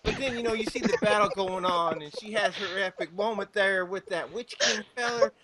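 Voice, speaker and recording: A man's voice: high voice, normal speed, a loud crowd. A man co-hosting a casual game podcast, talking in an exaggerated redneck persona. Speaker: co-host.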